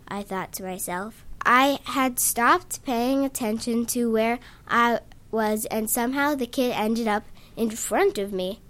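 Slow, careful woman reading her story. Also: on the high side, a bit bright.

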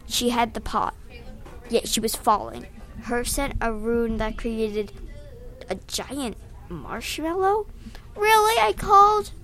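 Young-sounding woman reading a lively story. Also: fairly high pitch, takes it slowly, pauses often. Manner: lively, raises her voice for shouted dialogue, with small slips and restarts. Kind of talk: reading her own fan story aloud.

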